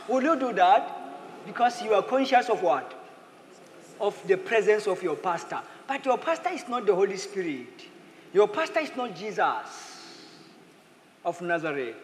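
Pastor man preaching, high voice, really bouncy and playful, echoey church hall sound. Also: moderate pace, pauses often, a faint crowd, a little hiss or hum. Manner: lively, mixes in playful acted quotes and laughter. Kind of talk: sermon. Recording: echoey hall with faint ambience.

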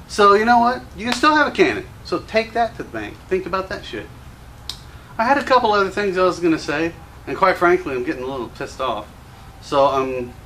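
Gun shop owner, male, high-pitched, combative and profane on-camera rant. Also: fairly bright tone, a little hiss or hum. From Louisiana. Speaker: gun store owner and show host. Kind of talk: ranting commentary to camera.

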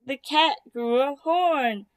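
A woman's voice: sits high, takes it slowly. A woman voicing a muddled, gossiping goose in a read-aloud storybook, talking urgently.

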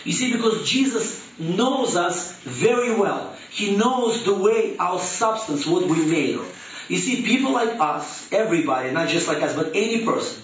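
A man preaching a sermon as youth pastor, swinging between rising emphatic questions and soft, low drops. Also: animated, moderate pace. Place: church hall. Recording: echoey, distant, dull church room recording.

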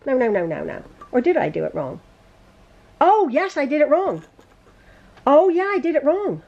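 A woman teaching a quilting lesson in her home sewing room, chatty and quick to laugh at and correct her own mistakes. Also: high-pitched, very animated, darkish tone, highs cut off. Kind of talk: casual sewing tutorial.

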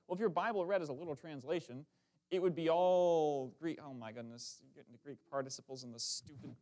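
A man preaching a lively, conversational sermon in a church, with quick asides and self-corrections. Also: a little high. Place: church sanctuary.

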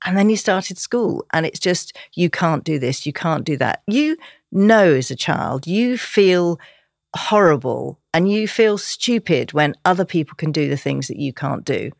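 A woman's voice: sits low, animated, unhurried, creaky, no room sound, clean studio sound. A woman speaking as a podcast guest, talking with passion and turning emotional at times. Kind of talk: podcast interview.

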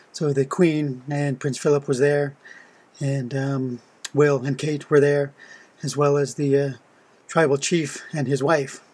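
A man telling a short joke to the camera in a loose, unscripted way. His voice is husky and breathy at a middle pitch, and he stops often to hunt for words and start over. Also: a little mellow. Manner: hesitant, full of ums and restarts. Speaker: joke teller. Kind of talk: casual spoken joke.

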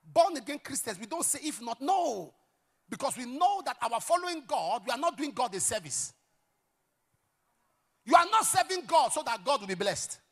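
Male pastor, sermon delivery; high, very animated pitch, punchy emphatic calls to the room. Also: moderate pace. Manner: emphatic preaching with sudden shouts and call-and-response questions.

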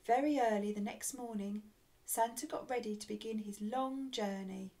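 A woman reading a children's storybook aloud, expressive and dropping to a soft hush on the speech tags, recorded on a computer webcam. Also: mid-range voice, normal speed. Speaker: storybook reader.

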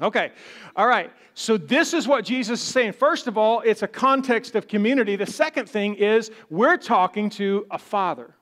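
A man's voice: sits high, fairly bright tone. A man preaching a sermon as pastor, in a conversational style, now and then acting out the voices of doubters. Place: church.

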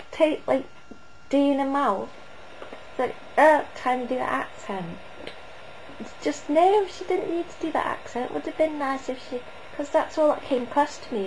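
A woman's voice: a little high, noisy background. A woman giving a casual, rambling spoken review, often hesitating and restarting.

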